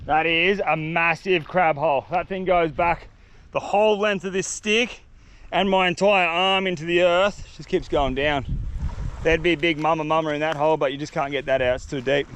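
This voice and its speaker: A man filming himself outdoors in the mangroves, talking in excited, slang-heavy bursts straight to a handheld camera. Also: a little high, moderate pace, clear, resonant tone, rough recording. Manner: excited, breathless slang-filled chatter. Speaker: outdoor vlogger. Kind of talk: self-filmed outdoor vlog.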